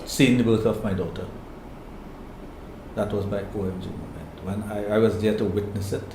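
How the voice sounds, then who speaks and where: A man's voice: fairly low pitch, fairly even intonation, moderate pace. An older man with a Trinidadian accent, answering interview questions in an earnest, reflective way and often repeating phrases as he thinks. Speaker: interview guest, sexologist. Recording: echoey room with faint noise.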